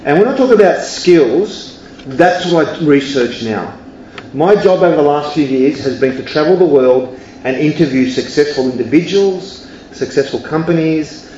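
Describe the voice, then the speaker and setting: A man's voice: fairly high pitch, lively intonation, moderate pace, a little mellow, slight background noise. A man, a university educator, telling a story in a lecture and often checking in with the audience. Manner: conversational, keeps checking in with "yeah?" and "right?". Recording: roomy, slightly dull lo-fi sound.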